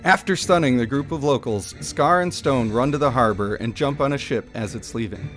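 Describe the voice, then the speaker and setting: A man's voice: medium pitch, moderate pace, a bit bright, faint music behind. A man streaming live, reading a game story aloud in a playful, self-mocking way.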